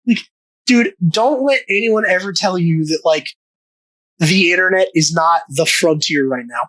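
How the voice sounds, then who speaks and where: A young man co-hosting a podcast, cursing a lot, laughing and riffing quickly in casual comedic chat. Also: high-pitched, a bit bright, rough recording. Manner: sweary, laughing, rapid riffing. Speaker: podcast co-host.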